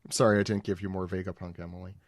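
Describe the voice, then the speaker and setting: A podcast guest chatting casually with quick, joking asides. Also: low voice, little pitch movement, no echo. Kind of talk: casual discussion.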